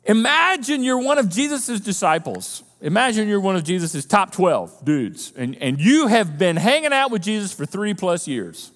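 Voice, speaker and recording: Male pastor, fairly high pitch, animated conversational preaching. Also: moderate pace, hardly any pauses, in a large hall. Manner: animated, conversational preaching, voices the disciples' panic. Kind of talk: sermon.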